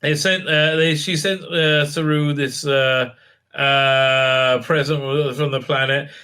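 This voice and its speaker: A man's voice: a little high, steady tone, takes it slowly, sharp tone, smooth. A man from Israel giving a casual, rambling recap of a TV episode, full of fillers and restarts, with a sarcastic edge. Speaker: TV show reviewer. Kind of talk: casual recap with mocking impressions.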